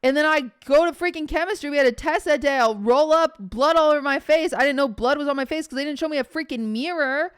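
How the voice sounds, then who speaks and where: A young woman streamer telling a story casually, animated, acting out quotes and swearing often. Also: high-pitched, quick pace, hardly any pauses, no room sound, studio quality.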